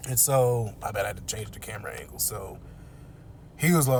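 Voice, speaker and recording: A man recaps a movie while sitting in his car, talking in a loose, slangy way. His voice sits at a middling pitch. He chuckles often and drifts off on side remarks. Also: normal speed, slight background noise. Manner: laid-back, slangy, chuckling.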